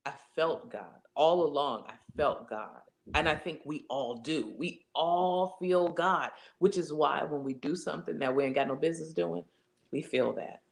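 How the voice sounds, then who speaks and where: Woman interview guest, slight fry in the voice, animated inspirational speaker. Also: deep voice, moderate pace. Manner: animated, acts out quoted voices, emphatic.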